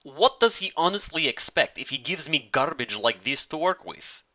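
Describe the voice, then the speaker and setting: A man's voice: on the low side, sing-song, unhurried, bright, forceful tone, full character voice. A man voicing a cold, sarcastic woman interviewer with a Russian accent, in a story reading on a dull lo-fi recording. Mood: sardonic. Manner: dry, cutting, sarcastic.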